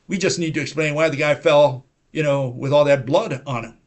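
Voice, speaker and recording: A man's voice: fairly high pitch, moderate pace. Argumentative man ranting in a livestream lecture. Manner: argumentative, repetitive, with frequent "you know" and "uh" fillers; mocking, mimics opponents in quoted voices. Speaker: host of a science-skeptic livestream. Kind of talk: rambling lecture monologue.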